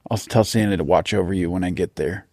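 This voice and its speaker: A man's voice: low voice, steady tone, quick pace, a little mellow, no room sound, clean studio sound. A man in an improvised comedy bit, reacting with mock-earnest disbelief. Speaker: podcast comedian.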